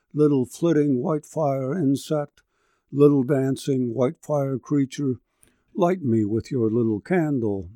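Little boy asking wide-eyed questions, as a guy reading a poem puts him on, slow, kind of dark tone. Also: medium pitch, dry recording, clean studio sound, lightly acted.

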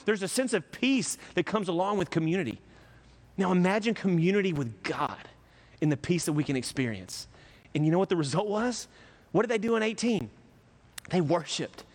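A man's voice: sits high, expressive, fairly quick, long reverb tail. A man from the United States preaching a conversational, joking sermon as pastor.

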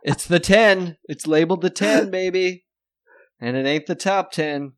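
A man's voice: high-pitched, no echo. A man hosting a podcast, rambling through casual comedic banter and laughing often. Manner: jokey, rambling, quick to laugh. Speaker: podcast host.

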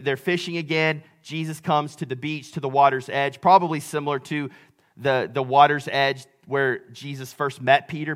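A male pastor preaching a sermon, telling the story with big swings between loud and hushed delivery. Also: medium pitch.

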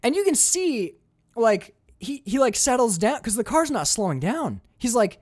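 A man hosting a casual chat about a film, excitable and swearing freely as he acts out scenes. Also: very high-pitched, a little fast, dry recording, studio quality.

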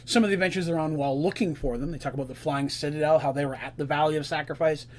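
A man's voice: fairly high pitch, steady tone, rapid-fire, darkish tone. A man narrating a tabletop game as game master, in a loose, conversational retelling.

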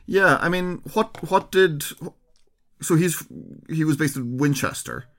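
Man co-host, quick questions. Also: fairly high pitch, fairly bright tone. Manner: brief backchannel, questioning. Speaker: podcast co-host. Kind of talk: casual chat.

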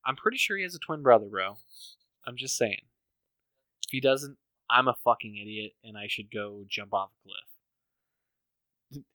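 A man rambles through a loose, beer-fueled movie chat, swearing freely and breaking into laughter. His voice is bright and close, with a dry sound and no room around it. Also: medium pitch, lively intonation, normal speed, pauses often, no room sound. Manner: profane, laughing, rambling with fillers. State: drinking beer. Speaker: podcast co-host. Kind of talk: casual chat, movie talk.

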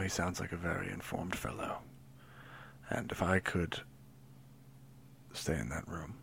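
Male player in tabletop role-play, very deep gravelly voice, dry sarcasm. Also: a bit bright, a little hiss or hum.

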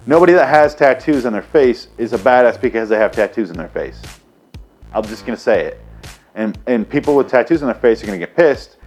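A man's voice: medium pitch, animated, fairly quick, a little mellow, soft background music. A man from Michigan hosting a comedy channel, ranting to camera in a sarcastic, profane, rambling way.

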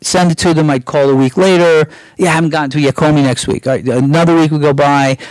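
A man's voice: a little high, fast talker, no echo, poor audio. A middle-aged man from Brooklyn, telling candid stories as a guest in an interview, acting out the voices he quotes. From Brooklyn, New York. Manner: animated storyteller, acts out quoted voices, swears casually. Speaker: guest screenwriter.

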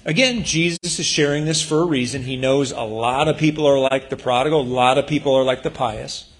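A man's voice: mid-range voice, brisk, a little hiss or hum. Earnest man preaching a sermon. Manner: earnest, conversational preaching with emphatic bursts. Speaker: pastor.

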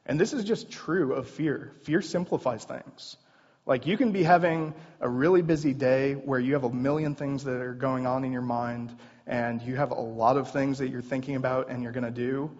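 A man's voice: medium pitch, fairly even intonation, normal speed, a little mellow. A man preaching a sermon in an earnest, conversational way with casual asides. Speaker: pastor. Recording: dull sound in a long-reverb hall.

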